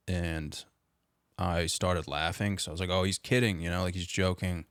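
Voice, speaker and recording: A young man with a very deep, low voice tells a story in relaxed, casual chat. He peppers every sentence with "dude" and "like." The sound is dry and close, with no room echo. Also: normal speed, gravelly, clear, resonant tone. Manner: laid-back, says "dude" and "like" constantly. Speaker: podcast guest.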